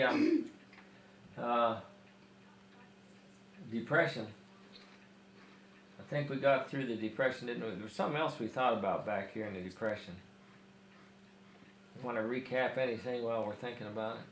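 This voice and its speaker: A man asking questions in a family oral history interview, pausing often with fillers as he works out what to ask. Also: mid-range voice. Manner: hesitant, many fillers while framing questions. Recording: echoey room, faint background hiss.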